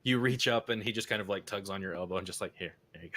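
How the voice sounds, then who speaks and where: A man with a fairly low voice runs a tabletop game in an easygoing, chatty way. He narrates loosely and laughs along with his players. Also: fast talker, fairly bright tone. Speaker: game master.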